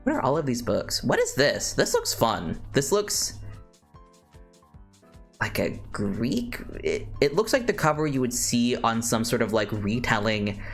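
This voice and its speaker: A chatty streamer talks casually with a mid-range voice, wandering off on tangents and often restarting sentences. Faint music plays quietly behind. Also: medium pitch, big pitch swings, normal speed, gravelly, hardly any pauses. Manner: rambling, with frequent restarts and side comments. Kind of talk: casual chat.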